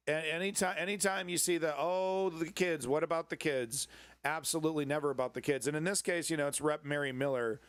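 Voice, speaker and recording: A man's voice: medium pitch, no room sound. Sarcastic, rambling man streaming news commentary. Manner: rambling, sarcastic, swears freely, greets chat viewers. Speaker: live news commentary host. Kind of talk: casual live-stream political commentary.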